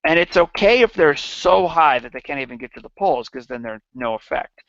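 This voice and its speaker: Man, livestream host, gravelly voice, halting rambling delivery, dull lo-fi dry audio. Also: on the high side, expressive, fairly bright tone, no echo. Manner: halting and rambling, many restarts. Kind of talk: casual satirical chat.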